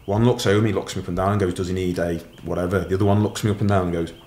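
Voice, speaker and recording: A man's voice: fairly low pitch, fairly even intonation, very fast, darkish tone, echoey room, a little hiss or hum. A middle-aged man, a podcast guest candidly telling his story in a matter-of-fact, casual way.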